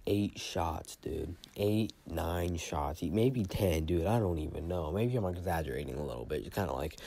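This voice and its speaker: Brief: low, dark-toned young guy, slangy storyteller, a bit high. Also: animated, moderate pace, husky. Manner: rambling, profane, slangy. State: a little high. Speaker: vlogger. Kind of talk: casual storytime.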